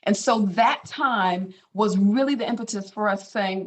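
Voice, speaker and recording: A woman's voice: medium pitch, a little slow, hardly any pauses. A middle-aged woman and physician telling a personal family story in a casual, filler-heavy way. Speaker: physician speaker. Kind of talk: personal testimony talk.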